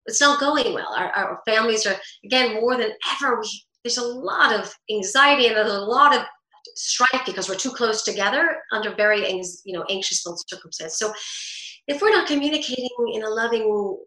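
A woman voice actress giving an interview, talking in an animated way and acting out bits of everyday dialogue. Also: on the high side, a little fast, reverberant, poor audio. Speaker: guest, voice actress. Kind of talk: interview talk.

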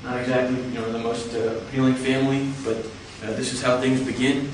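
A man lectures in a measured, step-by-step way, his mid-range voice keeping a level tone. He is recorded from a little distance in a large, heavily echoing hall, with faint background noise present.

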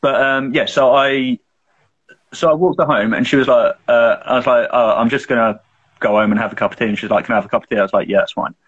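This young man co-hosts a podcast and tells a long story in loose, rambling casual chat, swearing freely between fillers. His voice is husky, and the recording sounds muffled and lo-fi. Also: medium pitch, fairly even intonation, fast, a bit bright. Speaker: podcast co-host.

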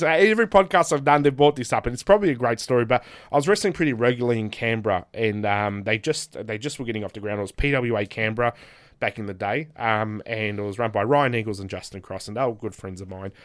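An Australian man in his thirties, a guest on a casual podcast, telling candid, animated stories, swearing and laughing often. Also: medium pitch, quick pace, no room sound, studio quality. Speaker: guest, pro wrestler.

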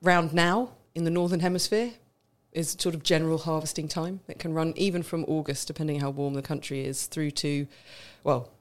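A woman's voice: low voice, steady tone, a little fast, hardly any pauses. Chatty woman explaining with a laugh. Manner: knowledgeable, explains at length, laughs often. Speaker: wine expert co-host. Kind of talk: casual podcast chat.

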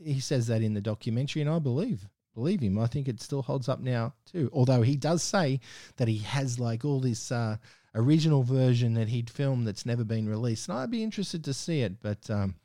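A man's voice: medium pitch, animated, a little fast, warm tone, no echo, studio quality. A man hosting a podcast, casually reviewing a film in a chatty way with frequent fillers and restarts. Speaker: podcast host.

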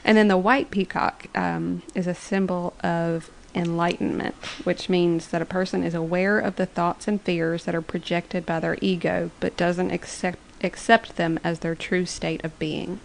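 A woman's voice: lowish voice, flat delivery, moderate pace, vocal fry, few pauses, slight background noise, poor audio. A woman co-hosting a fan podcast in a laid-back way, sharing research from her notes and recapping scenes. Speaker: podcast co-host. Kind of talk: casual fan podcast chat.

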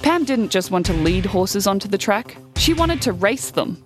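A woman reading a children's story aloud in a lively way, acting out the characters' lines. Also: medium pitch, moderate pace, faint music behind.

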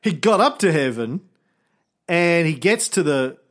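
A man's voice: fairly high pitch, sing-song, measured pace, fairly bright tone. A man co-hosting a podcast in casual, irreverent chat, joking and swearing freely. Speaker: podcast co-host.

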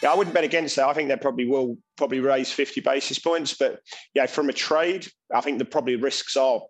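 A man co-hosting a trading show from home, talking through market charts with lots of pauses and restarts. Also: medium pitch, soft background music, rough recording. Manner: hesitant, many ums and restarts. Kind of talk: casual market chat.

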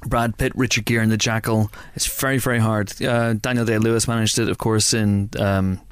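A man's voice: fairly low pitch, little pitch movement, a little fast, smooth. A man, a podcast host in casual, jokey chat, rambling with restarts. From Northern Ireland.

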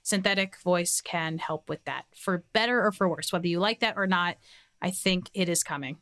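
A woman co-hosting a podcast, asking the guest measured questions in a conversational interview. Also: on the low side, fairly bright tone. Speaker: podcast co-host.

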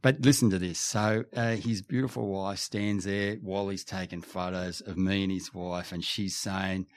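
A middle-aged man talking as a podcast guest in a studio, telling stories in a lively way with frequent restarts. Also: deep voice, moderate pace. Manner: animated storyteller with frequent restarts. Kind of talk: casual storytelling in conversation. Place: radio studio.

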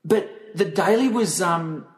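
A man's voice: high-pitched, unhurried. Chatty middle-aged Australian man, echoey room. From Melbourne, Australia. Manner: chatty storyteller, lively and animated when retelling anecdotes. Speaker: guest, cycling vlogger and racer. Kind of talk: casual interview chat. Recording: echoey room with long reverb.

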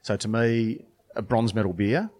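A man's voice: fairly low pitch, normal speed, a little mellow. A middle-aged man, a brewer and beer judge, telling stories in a casual interview with lots of restarts and fillers. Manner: rambling storytelling with many restarts and fillers.

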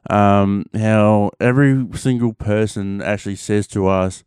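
An Australian man talks casually on his own show, rambling and restarting, with plenty of fillers and the occasional swear. His voice sits low and comes through smooth and clean. The sound is close and dry, with no room around it. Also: little pitch movement, slow, few pauses, a little mellow, dry recording. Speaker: podcast host. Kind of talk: casual solo chat.

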